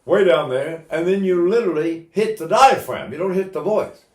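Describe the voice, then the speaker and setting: An older man teaching singing technique, explaining calmly and breaking into loud operatic vocal demonstrations. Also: sits high, moderate pace, reverberant.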